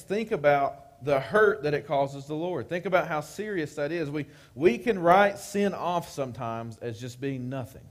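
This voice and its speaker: A man delivering a sermon in a relaxed, conversational way, often tossing in "right?" to his listeners. His voice sits a bit higher than most men's. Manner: conversational preaching, frequent "right?" asides. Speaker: pastor.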